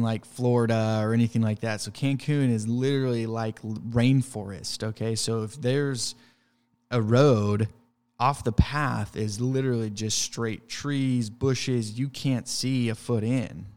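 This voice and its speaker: A man's voice: mid-range voice, darkish tone, in a large hall. A man who works in pest control tells a travel story casually, rambling with fillers and restarts.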